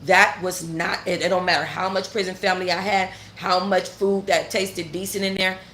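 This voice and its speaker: A woman's voice: on the low side, level tone, moderate pace, fairly bright tone, roomy sound, slight background noise. A woman host telling a story in a casual rant, blunt and profane, repeating points for emphasis. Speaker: channel host.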